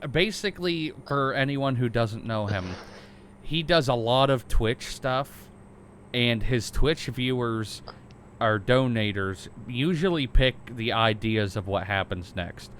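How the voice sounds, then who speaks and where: A man's voice: medium pitch, a bit bright, slight background noise. A young man co-hosting a casual podcast who makes crude jokes and hesitates with many fillers. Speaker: podcast co-host. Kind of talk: casual chat.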